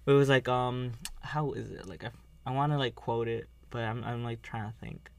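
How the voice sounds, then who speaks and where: A man's voice: mid-range voice, normal speed, creaky, dry recording. A man hosting a casual podcast, talking in a rambling way with many fillers. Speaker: podcast host. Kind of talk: casual chat.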